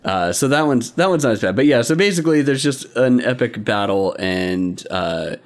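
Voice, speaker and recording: A man's voice: medium pitch, lively intonation, normal speed. A man in a casual podcast chat, walking through anime episodes. He laughs often and rambles, restarting his sentences as he goes. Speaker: podcast co-host.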